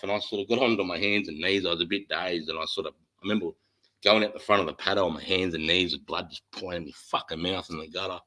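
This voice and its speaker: An Australian man in his forties, telling a war story in a casual chat, animated and swearing a lot. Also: lowish voice, poor audio. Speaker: host.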